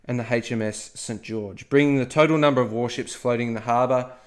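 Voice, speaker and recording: A male co-host on a history podcast talks a little fast in a mid-range voice with fairly even intonation. Playful and jokey, he drifts into frequent asides and keeps asking "okay?".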